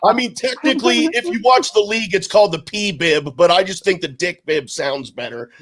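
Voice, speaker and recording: A man's voice: high voice, a little fast, noisy background. A man hosting a casual podcast, friendly and loose, with plenty of "uh" fillers. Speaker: podcast host. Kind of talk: casual chat.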